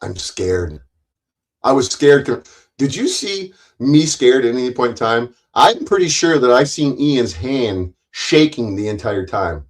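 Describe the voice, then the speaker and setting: A man's voice: medium pitch, big pitch swings, a little slow, poor audio. A man hosting a livestream, ranting at his chat in a profane, taunting, confrontational way. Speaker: livestream host.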